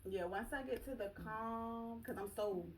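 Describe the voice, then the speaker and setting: A woman in a casual podcast chat, playfully mimicking her kids rushing around. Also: fairly high pitch, crowd noise. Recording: echoey room, distant mic.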